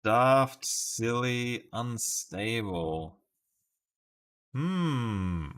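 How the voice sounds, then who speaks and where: Laid-back Australian man, bright voice. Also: lowish voice, expressive, takes it slowly, long pauses. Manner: playful, laughs often, muses through guesses aloud. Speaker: streamer solving word puzzles live. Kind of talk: casual live-stream chat with viewers.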